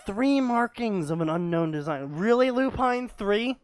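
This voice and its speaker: A man's voice: sits high, lively intonation, unhurried, clean tone, no room sound. A man co-hosting a casual podcast, reading fanfiction aloud with sarcastic, profane commentary.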